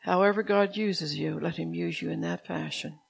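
An older woman pastor preaching a sermon in a soft, unhurried way, stopping now and then to correct herself. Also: fairly low pitch, steady tone, vocal fry, breathy edge.

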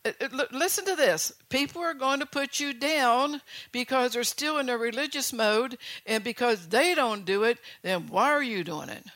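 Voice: medium pitch, normal speed, a bit bright, no room sound. A preacher giving a sermon who reads Bible verses aloud, then explains them with personal testimony and keeps checking in with listeners. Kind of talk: sermon with scripture reading.

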